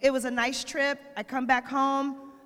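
A woman's voice: sits high, level tone, measured pace, a bit bright. A woman from Arizona telling a funny, self-mocking story to a church gathering, with a long hall reverb on her voice. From Arizona, USA. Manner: chatty, self-mocking humor. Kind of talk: casual storytelling to a congregation.

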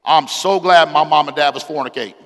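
A man in his forties preaching a sermon as pastor, calling out to the congregation, swinging between loud exclamations and quiet scripture reading. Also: on the high side, a little fast. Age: 40s. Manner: call-and-response preaching, rises to shouts, reads scripture aloud. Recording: long hall reverb.

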